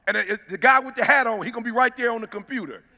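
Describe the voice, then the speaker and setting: A motivational speaker talks very fast in a very high, sharp voice with vocal fry, preaching hard at his points, shouting some lines and stretching others into a sing-song cadence. His words echo with a big hall's long reverb.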